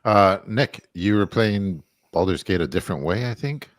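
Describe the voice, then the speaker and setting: Lively low-voiced man, jokey podcast host. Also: normal speed, no room sound, studio quality. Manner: animated, jokey storyteller who swears. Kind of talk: casual chat.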